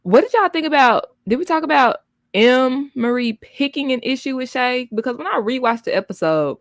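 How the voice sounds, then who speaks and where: A woman's voice: high voice, expressive, normal speed, no echo, studio quality. A woman co-hosting a casual livestream chat, recapping a show in a chatty way. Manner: chatty, recaps episodes, trails off and restarts. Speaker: livestream co-host.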